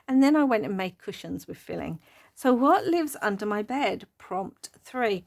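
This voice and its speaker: A middle-aged woman chatting her way through a craft-journal flip-through. Her talk rambles easily from one thing to the next, with an even, middle pitch. She breaks into giggles often. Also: normal speed, gravelly. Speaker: craft channel host.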